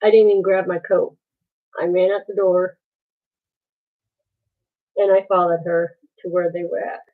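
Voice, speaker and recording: A woman telling a painful story on a live stream, halting and pausing as she goes. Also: fairly low pitch, level tone. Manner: halting, with many pauses and restarts. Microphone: phone. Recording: tinny phone-like sound.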